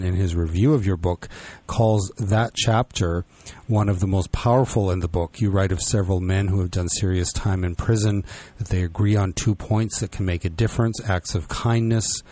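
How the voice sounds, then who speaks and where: Deep, mellow radio interviewer. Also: male voice, normal speed, no room sound. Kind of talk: scripted interview questions.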